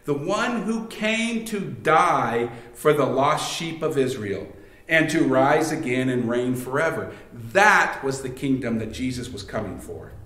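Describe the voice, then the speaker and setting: A pastor giving a sermon in a conversational way, with many fillers and restarts. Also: male voice, mid-range voice, expressive, a little slow, fairly bright tone. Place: church sanctuary. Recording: echoey church room.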